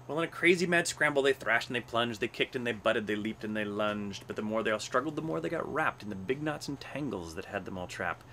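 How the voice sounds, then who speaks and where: A man's voice: medium pitch, a little fast, gravelly, few pauses, bright, forceful tone, a little hiss or hum. A man reading a children's rhyming storybook aloud, giving the animals little voices in a sing-song way. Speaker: storybook reader. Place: aboard a space station.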